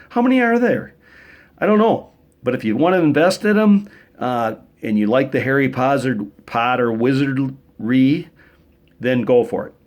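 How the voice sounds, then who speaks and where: A man vlogging in a loose, conversational way, cracking jokes as he wanders from one story to the next. His voice sits at an ordinary middle pitch, and he often stops and restarts his sentences. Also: darkish tone. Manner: chatty, jokey, rambling with restarts. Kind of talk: casual rambling weekly vlog.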